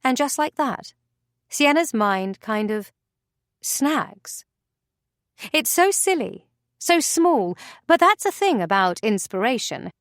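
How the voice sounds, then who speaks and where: A woman's voice: on the high side, a bit bright, no room sound. Woman narrating an audiobook, dry sound.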